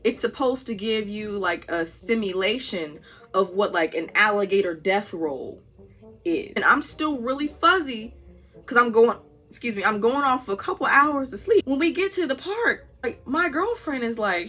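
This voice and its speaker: A woman's voice: a little high, lively intonation, normal speed, a bit bright. A young woman telling a story to camera in a casual vlog, acting out the voices of the people in it. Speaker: vlogger.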